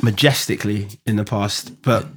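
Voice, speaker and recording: A man chatting casually on a podcast, telling lively stories and laughing often. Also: fairly low pitch, moderate pace, breathy edge. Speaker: podcast co-host. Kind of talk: casual chat.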